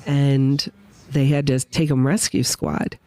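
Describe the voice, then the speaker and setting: Taking it slowly, a woman with a rumbling low voice relates a personal story as a podcast guest witness. The setting is a winery, and she's an animated, emotional storyteller who acts out what others said.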